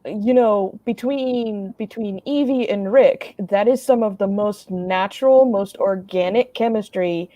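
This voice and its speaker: A woman's voice: mid-range voice, measured pace, few pauses, no room sound, dull audio. A woman panelist chatting casually on a video call, often restarting her sentences.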